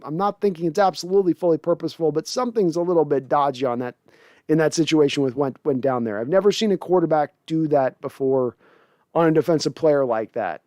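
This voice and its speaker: A man with a fairly high voice hosts a casual livestream, reading viewer messages aloud. He jokes, curses freely and laughs a lot. He is recorded close on a mic in a dry room. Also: darkish tone, no echo. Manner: laughs often, joking and profane. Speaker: podcast host reading live chat.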